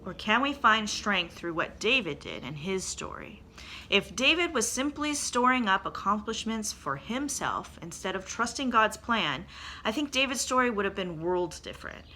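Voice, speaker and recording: Bright-voiced woman giving a devotional. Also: mid-range voice, very animated, normal speed, a little hiss or hum. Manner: earnest, conversational, asks rhetorical questions. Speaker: church devotional speaker. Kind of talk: devotional talk with scripture reading.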